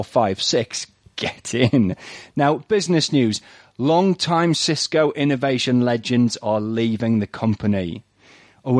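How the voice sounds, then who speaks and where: A man hosts a casual tech news podcast, moving quickly through the headlines with wry jokes. He keeps checking in with "right?", and his voice sits at an everyday pitch, captured close and dry. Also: dry recording. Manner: brisk, jokey, keeps adding "right?". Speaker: podcast host.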